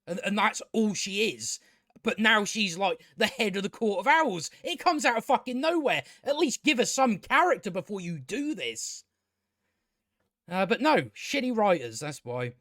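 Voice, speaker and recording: A man's voice: sits high, sing-song, moderate pace, fairly bright tone, no room sound, clean studio sound. A man giving a casual spoken TV review, ranting sarcastically with lots of swearing and filler words. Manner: sarcastic, sweary, rambling rant with many fillers. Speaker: TV show reviewer.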